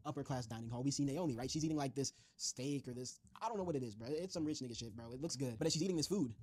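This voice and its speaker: Fast-talking husky young man. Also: medium pitch. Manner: slangy, excitable, laughs often. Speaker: streamer. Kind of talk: casual comic recap of a story.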